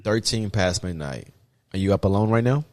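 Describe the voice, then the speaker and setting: A man's voice: fairly low pitch, expressive, moderate pace, darkish tone. A man hosting a podcast, asking easygoing questions in casual chat. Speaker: podcast host.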